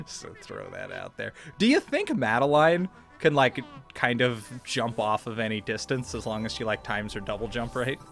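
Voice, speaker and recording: A man's voice: medium pitch, very animated, normal speed, gravelly, hardly any pauses, a bit bright. A man co-hosting a gaming podcast, chatting casually and rambling while watching gameplay, swearing and laughing often. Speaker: podcast co-host.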